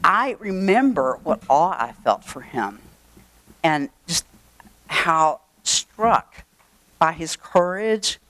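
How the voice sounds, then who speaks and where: A woman's voice: low-pitched, dry recording. An older woman, telling a personal story to a live audience in a chatty, wry way, with asides and fillers. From Texas. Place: event room.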